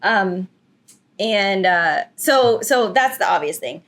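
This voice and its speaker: A woman co-hosting a photography podcast in casual chat, talkative and quick to laugh. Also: medium pitch, lively intonation, fairly bright tone. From United States. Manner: chatty, giggly, lots of "like" fillers.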